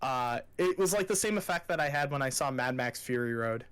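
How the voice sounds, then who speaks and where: Excitable man gushing about films. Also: mid-range voice, fairly quick, clear, resonant tone. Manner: gushing, enthusiastic, swears freely. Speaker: podcast co-host. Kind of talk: casual chat.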